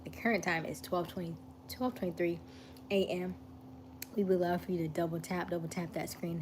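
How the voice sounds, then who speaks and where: A woman hosting a casual live stream, chatting in a relaxed way, greeting viewers by name and snacking while she talks. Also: fairly low pitch, a little hiss or hum.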